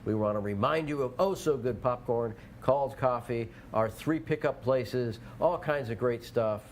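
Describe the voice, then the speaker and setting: A playful man trades easy banter as co-host of a local TV shopping program. His voice sits at an ordinary middle pitch, with a faint hum of studio noise underneath. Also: normal speed. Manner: chatty, playful, teasing. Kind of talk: casual on-air banter.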